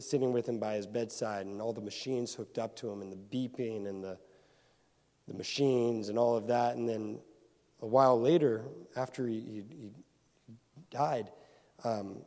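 A man's voice: medium pitch, mellow. A pastor preaching an earnest, emphatic sermon to his congregation, repeating phrases for weight. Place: church hall. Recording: hall reverb.

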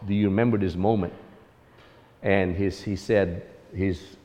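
Guy telling a heartfelt dad story, kinda low voice, reverb-y hall. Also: mellow, dull audio. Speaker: father sharing a testimony. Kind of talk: personal testimony talk.

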